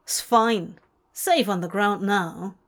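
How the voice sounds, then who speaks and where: A woman's voice: on the high side, animated, measured pace, voice pushed up. A woman voicing a sullen, contrary male demon who grumbles curtly. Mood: dismissive.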